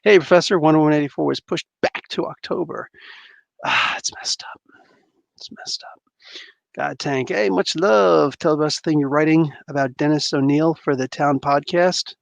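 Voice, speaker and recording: A man hosts a loose comic book livestream, greeting viewers and reading their comments aloud. His voice has a rough, gravelly fry, and the sound is close and dry with no room echo. He rambles, stacks fillers and laughs often. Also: fairly high pitch, lo-fi sound.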